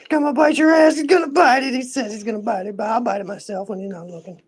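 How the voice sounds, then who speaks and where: A woman's voice: on the high side, steady tone, fast talker, slightly rough, pitched above the performer's own voice. A woman voicing her spoiled pet dog in a playful, cooing baby-talk voice. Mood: doting.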